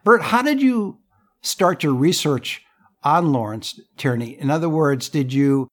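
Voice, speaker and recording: A man's voice: a little high, animated, unhurried. A man hosting a podcast who asks long, rephrased questions of his guest. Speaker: podcast host. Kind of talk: interview questions.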